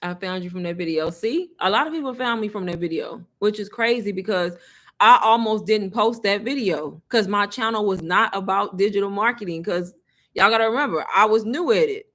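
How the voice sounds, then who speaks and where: A woman, casually telling her viewers a story, chatty and animated, often laughing. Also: medium pitch, fairly quick. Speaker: online business creator.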